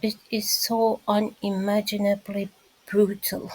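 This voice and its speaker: A woman vlogger talks to her viewers in an emphatic, repetitive way, leaning on each point. Her delivery is slow and deliberate, at a mid pitch, and the recording sounds close and dry. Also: little pitch movement, a little mellow, slightly rough, no room sound, poor audio. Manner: emphatic and repetitive, addresses listeners directly. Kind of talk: casual commentary monologue.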